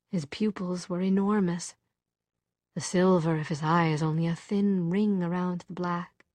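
Slow, measured woman narrator. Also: fairly low pitch, steady tone, a little mellow, no room sound. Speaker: audiobook narrator. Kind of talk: scripted narration.

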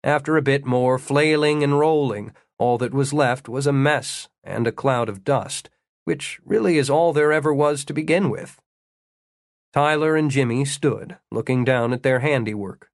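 A man reading an audiobook, telling an adventure story in a measured way with dry humor. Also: mid-range voice, no room sound. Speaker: narrator. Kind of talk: audiobook narration.

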